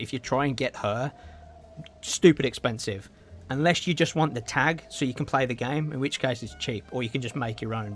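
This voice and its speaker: A young British man chatting casually on a gameplay livestream, reading chat aloud and rambling with frequent ums while fighting off hiccups. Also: medium pitch. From Britain. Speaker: streamer. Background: game music.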